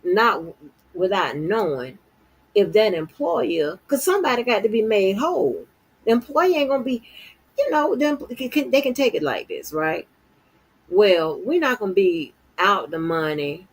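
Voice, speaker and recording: A husky-voiced streamer from Florida rants about the news with lively intonation at normal speed, exasperated and swearing constantly. She swings from low mutters to high outbursts, and the audio quality is poor.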